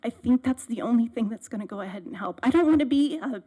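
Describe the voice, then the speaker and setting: A nervous woman speaks at a council podium, her mellow, slightly high voice shaking. She talks as a worried parent pressing the council to act. She sounds like someone who dislikes public speaking. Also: expressive, quick pace, breathy edge. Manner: nervous, shaky voice. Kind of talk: public comment at a council meeting. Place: city council chamber.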